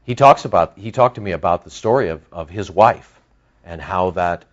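A man preaching a sermon as pastor, animated, with lively emphasis and asides to his listeners. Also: low voice, normal speed, highs cut off.

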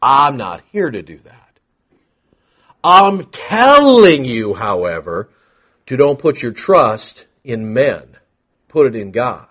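A man preaching a sermon to a congregation, emphatic, swinging between quiet asides and loud proclamation. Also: mid-range voice, sing-song, slow, pauses often. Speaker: pastor.

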